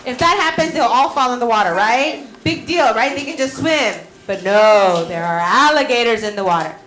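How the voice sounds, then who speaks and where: A woman teaching children, telling a story in a lively way and asking them questions. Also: a little high, moderate pace, roomy sound, a little hiss or hum, rough recording. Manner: animated, asks the children questions.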